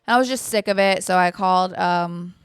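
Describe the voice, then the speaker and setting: A woman's voice: fairly low pitch, fairly quick, clean tone, no room sound, studio quality. A young adult woman hosting a podcast, chatting casually and candidly in a rambling way with lots of fillers and swearing. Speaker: podcast host. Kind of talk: casual chat, storytime.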